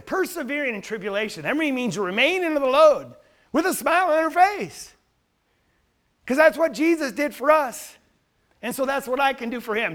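A man preaching a sermon as pastor, swinging from loud exclamations to hushed, almost whispered lines. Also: sits high.

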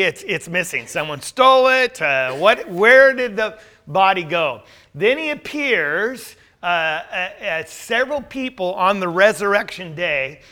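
A man's voice: high voice, sharp tone. A man teaching a Bible class in a conversational way, asking the group rhetorical questions.

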